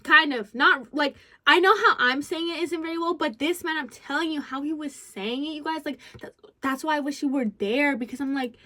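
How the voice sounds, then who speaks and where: A high-voiced young woman talks straight to her phone in a loose, rambling storytime vent. She leans on "like" constantly and drops from low mutters into loud, exasperated outbursts. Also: brisk. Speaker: vlogger. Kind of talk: casual storytime vent to viewers. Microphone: phone close by.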